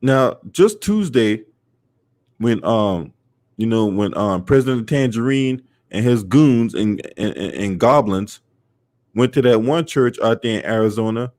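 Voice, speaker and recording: On his sports and politics channel, a man with a low, slightly mellow voice hosts a casual commentary stream, animated yet unhurried. His talk is loose and profane, full of "um" and "you know," and he keeps calling out to chat viewers.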